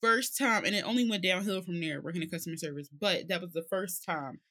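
A woman's voice: on the low side, a little fast. A woman co-hosting a podcast, telling stories expressively in casual chat. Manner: expressive, laughing storyteller.

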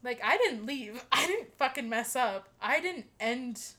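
A young woman casually telling a friend a story, animated, swearing freely and laughing as she talks. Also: fairly high pitch, measured pace. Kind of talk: casual chat.

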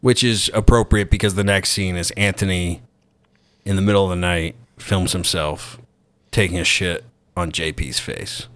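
A man with a lowish voice talks through a film in loose, casual chat. He is animated and swears freely. The recording is dry and close, with no room sound. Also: normal speed, dry recording. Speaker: podcast co-host.

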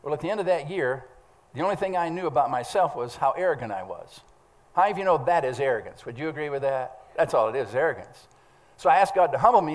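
Man preaching in church; lively and stammering, keeps quizzing the congregation. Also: a little high. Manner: animated, stammering restarts; asks the congregation questions. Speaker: pastor. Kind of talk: sermon.

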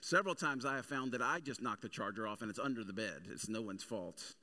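Brisk and sharp-toned, with a mid-range voice, a pastor in his thirties preaches a sermon. He tells humorous everyday stories conversationally before building to emphatic preaching.

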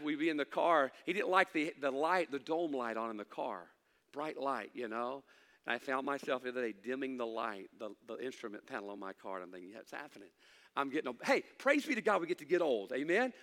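High-voiced preacher in a reverberant hall. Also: male voice, creaky. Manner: preaching with swings from loud to hushed, folksy asides. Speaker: pastor. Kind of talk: sermon. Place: church sanctuary.

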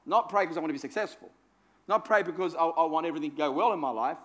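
A man's voice: fairly high pitch, racing, fairly bright tone. A man preaching a sermon in a conversational, self-deprecating way, repeating phrases for emphasis. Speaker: pastor.

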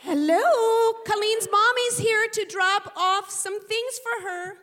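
A woman putting on a sugary, showy mom voice, very high and sweet. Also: takes it slowly, fairly bright tone, heavily acted. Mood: syrupy.

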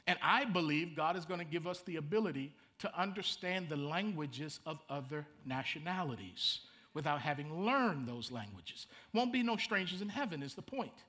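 A man's voice: on the high side, animated, normal speed, hardly any pauses, pushed and bright. A middle-aged man, preaching a sermon in a conversational way, repeating words and making asides to the congregation. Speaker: pastor.

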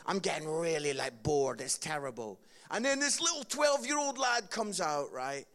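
Scottish male preacher, gravelly, comic storyteller turned earnest. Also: on the high side, very animated, normal speed. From Scotland. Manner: tells funny stories with loud laughing peaks, then drops to quiet earnest appeals.

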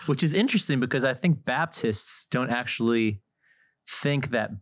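Chatty young male deacon, mid pitch. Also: lively intonation, normal speed, no room sound, clean studio sound. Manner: chatty, laughs easily, many fillers. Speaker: deacon and seminarian, co-host. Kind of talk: casual chat.

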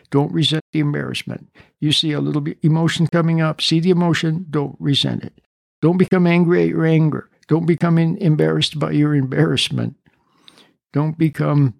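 A man's voice: fairly high pitch, creaky, no room sound, studio quality. A man hosting a podcast, speaking off the cuff and plain-spoken, often repeating his key points. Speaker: podcast host. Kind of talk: unscripted advice talk.

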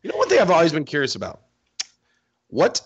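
A man co-hosting a casual chat and asking curious, halting questions. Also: fairly high pitch, wildly swooping pitch, highs cut off, slight background noise.

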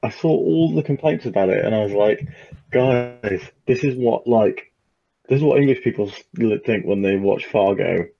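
A man's voice: mid-range voice, normal speed, vocal fry. A man co-hosting a gaming podcast, talking casually and hesitantly with many fillers. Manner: hesitant, many ums and likes. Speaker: podcast co-host. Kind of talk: casual chat. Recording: dull lo-fi mic.

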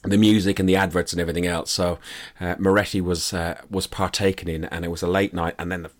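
A man's voice: low-pitched, flat delivery, fast. A man with an Irish accent hosting a casual chat podcast, tired and rambling, joking about himself. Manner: joking, rambling, self-mocking. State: tired after a long drive and a late night. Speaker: podcast host.

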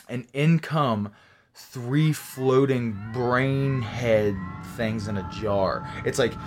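A man's voice: medium pitch, extremely slow, background noise. A man telling a made-up story casually and profanely, tagging lines with "right?". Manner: profane, fillers and "right?" tags.

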